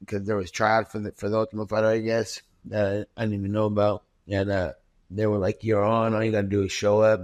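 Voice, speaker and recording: A man with a voice pitched a little low tells a story casually as a podcast guest. He swears freely and acts out what others said, stumbling over repeated words as he goes. His delivery is loose, streetwise and conversational. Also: little pitch movement, brisk. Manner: profane, acts out quoted dialogue with many restarts.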